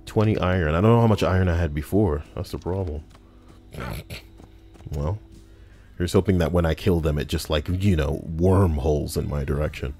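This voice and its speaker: Deep-voiced rambling streamer guy. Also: normal speed, long pauses, dark tone. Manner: rambling, profane, many fillers. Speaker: podcast host and streamer. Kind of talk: casual chat while gaming and reading chat.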